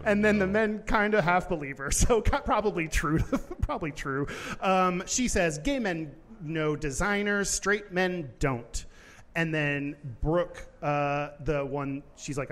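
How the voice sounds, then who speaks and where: A man with a high-pitched voice tells a story on stage at a live podcast show. He talks with lots of energy and jumps into even higher voices for quotes. His voice rings through a large, reverberant venue. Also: measured pace. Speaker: podcast co-host.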